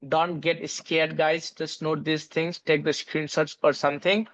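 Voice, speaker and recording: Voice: mid-range voice, level tone, unhurried, a bit bright. A teacher giving an online English pronunciation lesson, spelling out words letter by letter with many fillers and restarts. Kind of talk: online lecture.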